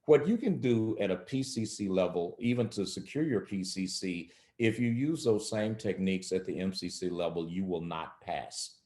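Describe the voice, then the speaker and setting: A man giving measured, instructive answers in an interview, acting out example phrases for coaches. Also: sits low, expressive, warm tone. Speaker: coaching expert guest. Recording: roomy echo.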